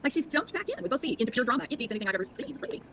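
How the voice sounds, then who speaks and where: A woman's voice: high-pitched, very animated, racing, a bit bright, a little hiss or hum, rough recording. A middle-aged woman giving sarcastic commentary on online drama, quizzing her audience as she goes.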